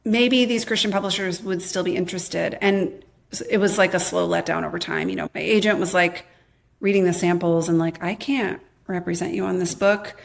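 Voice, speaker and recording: Woman with a gravelly edge, telling her story. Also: on the low side, brisk. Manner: quotes her past self in lively bursts, frequent "like". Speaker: podcast guest, memoir author. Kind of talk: candid personal storytelling.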